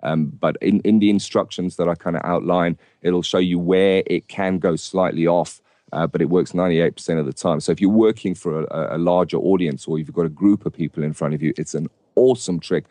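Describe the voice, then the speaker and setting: A man's voice: low voice, steady tone, fairly quick, warm tone, dry recording. A man as a podcast guest, earnest, often stammering on the first words. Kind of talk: casual interview talk.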